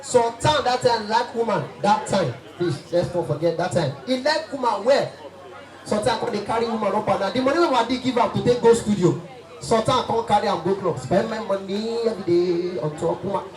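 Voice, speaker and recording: A man's voice: high voice, brisk. A Nigerian man performing as comedian and host at a party, teasing the guests in pidgin. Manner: teasing, mixes pidgin and Yoruba. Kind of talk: stand-up comedy banter. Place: outdoor party venue. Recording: echoey, distant, party music and crowd.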